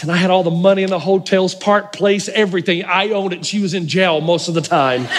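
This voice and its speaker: High-pitched pastor guy preaching, funny stories, big echoey church hall. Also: heavy background noise. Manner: storytelling, animated and humorous. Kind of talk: sermon.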